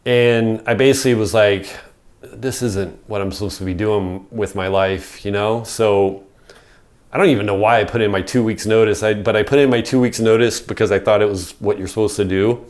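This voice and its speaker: A man's voice: fairly low pitch, fairly even intonation, normal speed, a little mellow. A middle-aged man, a podcast guest, telling a casual story in a rambling way, full of "like" and swearing.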